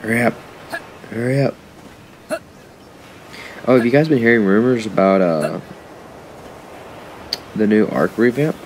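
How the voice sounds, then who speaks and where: Gravelly low-voiced man grumbling at a game. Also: expressive, normal speed, pauses often, noisy background. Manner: frustrated, talks to the game and viewers. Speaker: gaming YouTuber. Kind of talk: casual game commentary.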